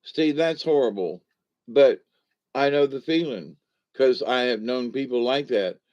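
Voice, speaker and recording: Slow, rambling older man. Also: mid-range voice, animated, a little mellow. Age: 60s. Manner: folksy, meandering, digressive. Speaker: vlogger. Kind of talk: rambling casual monologue. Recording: dull lo-fi recording.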